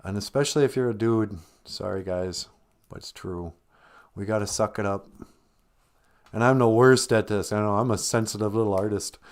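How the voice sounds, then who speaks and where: A man hosting a live stream, talking casually about grief with gentle, self-deprecating humor while holding back tears. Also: fairly low pitch, moderate pace. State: close to tears.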